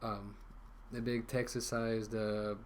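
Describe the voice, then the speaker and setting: A man's voice: fairly low pitch, little pitch movement, slow, slight background noise. A man ranting casually to camera as a vlogger, rambling with many fillers and restarts, talking through a mask.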